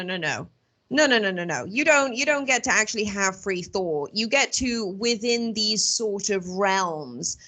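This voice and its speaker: A woman's voice: medium pitch, sharp tone. A woman hosting a casual political chat, blunt and swearing freely. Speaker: host.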